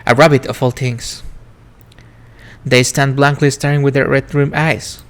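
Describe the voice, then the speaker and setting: A man's voice: medium pitch, level tone, measured pace, pauses often, a bit bright. A man streaming a narrative game, reading its first-person text in a reflective, wistful way. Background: faint game music.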